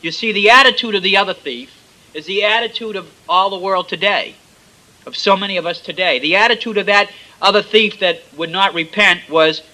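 A high-pitched man preaches with an emphatic, dramatic delivery. His tone is piercingly bright and tense, and he swings his loudness up and down as he retells the story. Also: moderate pace, rough recording. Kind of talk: sermon.

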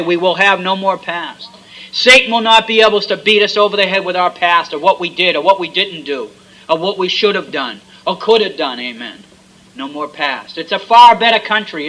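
A man's voice: high voice, sharp tone, rough recording. A man preaching a fervent sermon, with repeated refrains and frequent amens.

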